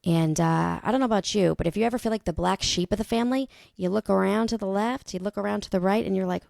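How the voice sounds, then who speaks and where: Woman host, 30s, casual unscripted podcast monologue, creaky, dry close mic. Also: medium pitch, fast talker, few pauses, no room sound. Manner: rambling, thinks out loud, swears.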